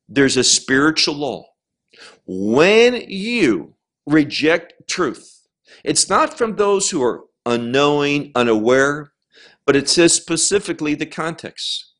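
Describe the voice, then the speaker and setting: A man delivering a Bible teaching with a somewhat high voice. He speaks slowly and deliberately, and his pitch rises and falls widely as he stresses words. The tone is an encouraging sermon. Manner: slow, emphatic, with lively pitch swings.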